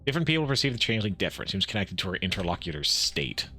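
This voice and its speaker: Lively man streaming a game. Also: low-pitched, faint music behind. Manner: animated, laughs often, quick asides. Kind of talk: live game playthrough, reading dialogue aloud.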